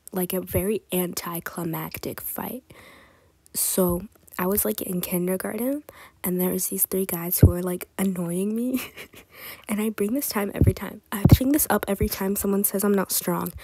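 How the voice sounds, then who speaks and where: Soft-spoken young woman rambling. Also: mid-range voice, slight background noise. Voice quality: soft, partly whispered delivery. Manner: giggly, filler-heavy storytelling. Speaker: art vlogger. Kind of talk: casual rambling chat over drawing footage.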